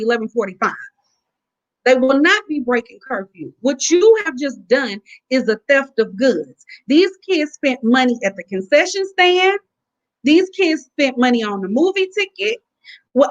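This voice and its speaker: A woman telling her story as a guest in a casual, indignant, emphatic way over a remote call. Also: high-pitched. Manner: indignant, emphatic retelling with quoted dialogue. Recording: dull lo-fi call audio.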